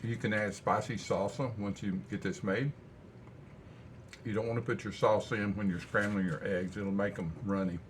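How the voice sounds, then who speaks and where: A man's voice: fairly low pitch, fairly even intonation, moderate pace, a little hiss or hum. An older man chatting casually in a homey, folksy way while cooking and tasting food in his home kitchen. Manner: easygoing, folksy, rambling. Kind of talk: casual cooking vlog chat.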